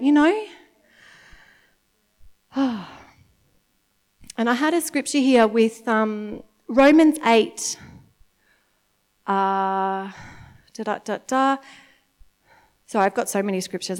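Woman, mother, church speaker; slightly high voice, conversational storytelling sermon with frequent check-ins. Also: darkish tone. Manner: chatty, storytelling, keeps checking in with the audience by asking "okay?".

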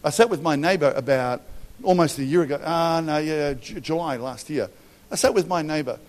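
Australian pastor preaching in a big hall. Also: male voice, on the high side, a little fast. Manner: animated, storytelling with acted quotes and humour. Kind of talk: sermon. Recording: long hall reverb.

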